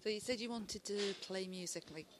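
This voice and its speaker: A woman interviewer asking soft, hesitant questions. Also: mid-range voice, a little fast. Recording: noisy, distant mic.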